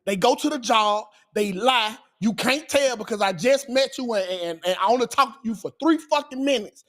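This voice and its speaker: A man's voice: extremely high pitch, moderate pace, fairly bright tone. A man co-hosting a podcast, arguing his point emphatically and profanely in casual chat.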